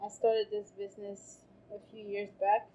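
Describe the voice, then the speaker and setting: A woman from Haiti, a restaurant owner telling animated stories in a casual interview and laughing often. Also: medium pitch, normal speed, muffled recording. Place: farmers market.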